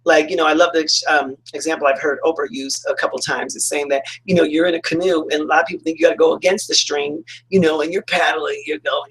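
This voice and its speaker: Gravelly high-pitched enthusiastic man. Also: fast talker, few pauses, low-quality recording. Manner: enthusiastic, rambling, acts out excited quotes. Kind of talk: casual motivational talk.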